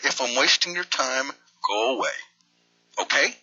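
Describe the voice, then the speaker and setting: A man's voice: medium pitch, expressive, unhurried, pushed and bright, husky. A man making a prank phone call, rambling and acting confused and hurt. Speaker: prank caller.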